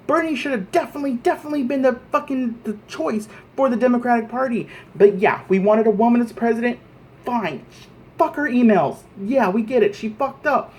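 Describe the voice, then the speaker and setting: A man's voice: sits high, a little mellow. An American man angrily ranting to camera in a vlog, heated and profane, often stumbling over repeated words. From United States. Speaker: vlogger. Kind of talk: angry political rant.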